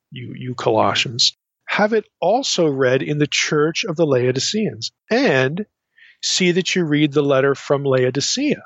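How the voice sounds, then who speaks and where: A man teaching a Bible study lesson in an unscripted, halting way, often restarting and adding asides as he reads from commentaries. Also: a little high, fairly bright tone, husky, dry recording. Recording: dry, dull lo-fi recording.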